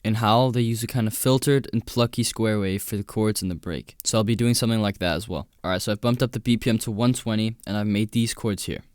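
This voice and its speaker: Low-voiced man explaining music production. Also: fast talker, few pauses, dry recording, clean studio sound. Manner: matter-of-fact, explaining step by step. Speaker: music producer tutorial host. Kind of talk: casual tutorial voice-over. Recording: voice-over with loud music playing. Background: loud electronic music.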